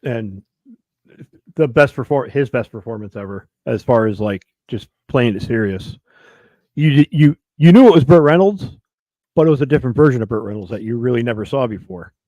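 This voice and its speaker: A man's voice: mid-range voice, animated, moderate pace, mellow, no room sound. A man co-hosting a casual podcast chat, swearing freely and reeling off film facts. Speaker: podcast co-host.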